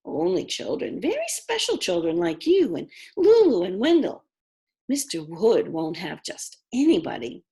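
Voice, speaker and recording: A woman voicing a kindly, mysterious older housekeeper who speaks gently in a storybook reading. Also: fairly low pitch, wildly swooping pitch, unhurried, heavily acted. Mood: gentle.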